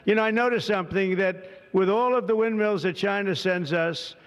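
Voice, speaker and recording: A man's voice: sits high, normal speed. Rambling man speaking in a reverberant hall. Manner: rambling, boastful, digressive asides. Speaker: head of state giving a bill-signing speech. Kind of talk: ceremonial speech with off-the-cuff remarks.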